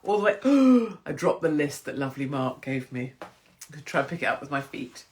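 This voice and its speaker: A woman's voice: deep voice, big pitch swings, brisk, darkish tone, slight background noise. A woman hosting a casual livestream chat, cheeky and self-mocking, laughing often. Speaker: livestream host.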